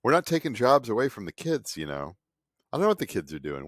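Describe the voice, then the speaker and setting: A man's voice: mid-range voice, sing-song, fast talker, a bit bright, dry recording, clean studio sound. A man in his fifties, an artist vlogger, talking in a cranky, sarcastic, rambling way and mocking other people. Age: 50s. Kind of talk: casual rambling monologue. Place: home studio.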